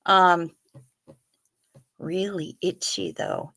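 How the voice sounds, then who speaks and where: A woman's voice: medium pitch, slow, long pauses, bright, forceful tone. A middle-aged woman hosting a livestream, chatting casually with dry, sardonic asides as she reads out viewer comments. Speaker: livestream host reading chat. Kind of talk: casual chat.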